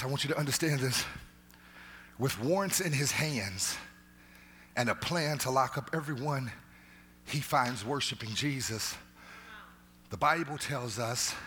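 A man pastor preaching a sermon in a church, calling out to the congregation, repeating words and building to shouts. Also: medium pitch, slight background noise. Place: church sanctuary.

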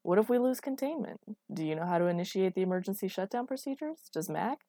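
A woman's voice: mid-range voice, expressive, quick pace, warm tone, no echo, clean studio sound. A woman narrator voicing a stressed male military commander who is out of his depth, asking anxious, pleading questions. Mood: pressing.

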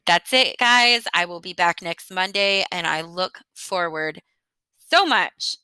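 A woman in her thirties hosts a solo podcast with a bright, sharp tone. She talks in a chatty, earnest way and laughs lightly as she goes. The sound is close and dry. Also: fairly low pitch, animated, slow, smooth, no echo. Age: 30s. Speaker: podcast host. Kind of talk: casual solo podcast monologue.

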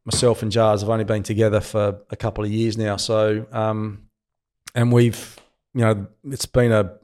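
This Australian man in his early fifties, formerly a cricketer and now a commentator, chats casually as an interview guest, relaxed and laughing at his own stories. He talks at a normal speed with a fairly low pitch.

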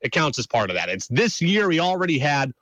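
A man hosting a sports radio show, talking through an animated, opinionated monologue with rhetorical questions. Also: fairly high pitch, a little fast, no echo, poor audio.

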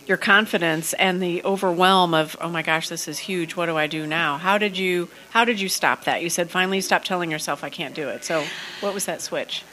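A woman's voice: lowish voice, fairly quick, bright, forceful tone, rough recording. A woman hosting a podcast, asking her guest questions in an encouraging, conversational way. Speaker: podcast host. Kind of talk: interview questions.

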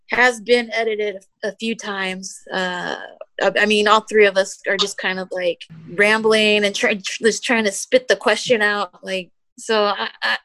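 A woman's voice: mid-range voice, bright, forceful tone, no echo. A woman guest in a casual podcast chat, explaining at length. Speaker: podcast guest, band member.

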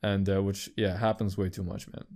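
A young man hosting a podcast, chatting casually in a rambling, profane way and jumping into high squeaky voices for quips. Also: level tone, normal speed, darkish tone. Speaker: podcast host. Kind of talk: casual chat.

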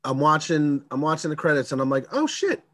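A man's voice: a little high, level tone, quick pace, fairly bright tone, dry recording. A man co-hosting a podcast, talking in a loose, rambling way and laughing often during a casual chat about a movie. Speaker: podcast co-host.

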